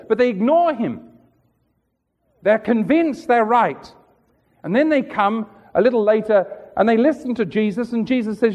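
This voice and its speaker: A man's voice: high voice, expressive, normal speed, a little mellow. A man preaching a sermon in an earnest, rhetorical way, acting out the voices he quotes. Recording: hall reverb.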